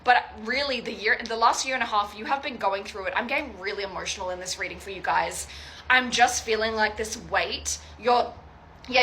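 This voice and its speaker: A woman's voice: medium pitch, fairly bright tone, a little hiss or hum, poor audio. A young adult woman giving a casual, chatty psychic reading to viewers, swearing freely and checking in with "okay, guys?". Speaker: tarot reader.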